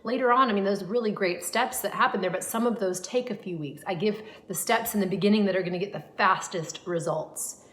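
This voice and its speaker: A woman's voice: medium pitch, a little fast. A woman gut health coach talking to camera in a casual, earnest, reflective way, with frequent fillers and restarts.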